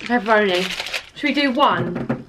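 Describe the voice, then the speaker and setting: A woman's voice: mid-range voice, expressive, normal speed. A young woman vlogging with her sister, giggly and nervous, chatting casually at home. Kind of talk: casual chat. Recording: noisy home recording.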